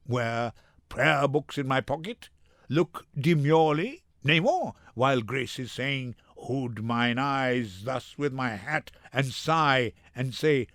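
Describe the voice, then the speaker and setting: A man's voice: mid-range voice, animated, slow, gravelly, fairly bright tone, no room sound, clean studio sound, pitched below the performer's own voice, exaggerated voice. A man doing a rowdy young gallant gone mock-solemn. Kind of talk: dramatic reading.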